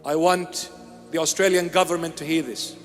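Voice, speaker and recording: A man from Iraq delivers a sermon in a high voice, solemn and emphatic. He speaks in short, measured lines and leans on repetition. Faint music sits under the long reverb of a large church. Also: steady tone, a bit bright. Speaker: bishop preaching.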